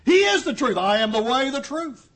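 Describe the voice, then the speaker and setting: Male pastor, middle-aged, husky tone, lively sermon delivery. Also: extremely high pitch, moderate pace. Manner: animated, swings from loud emphatic to quiet, acts out quotes.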